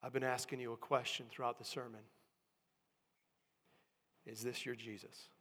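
A man preaching a sermon, swinging from hushed tones to loud emphatic calls. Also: mid-range voice, flat delivery, moderate pace, in a large hall.

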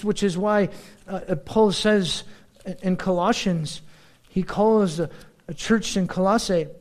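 A middle-aged man preaching as a pastor, shifting between slow, weighty phrases and quick, animated asides. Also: high voice. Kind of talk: sermon.

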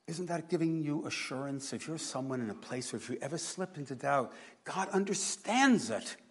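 A man preaching a sermon, earnest, moving between hushed and emphatic delivery. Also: a little high, animated, moderate pace, husky. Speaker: pastor.

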